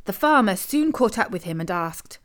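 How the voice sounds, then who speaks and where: A woman storyteller reading a traditional tale in clear, measured scripted narration. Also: medium pitch, expressive.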